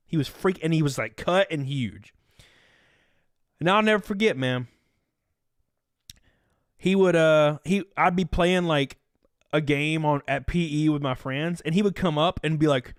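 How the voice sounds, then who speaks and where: Animated, profane man telling stories. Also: on the high side, dry recording, studio quality. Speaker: livestream host. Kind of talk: casual storytelling to a live chat.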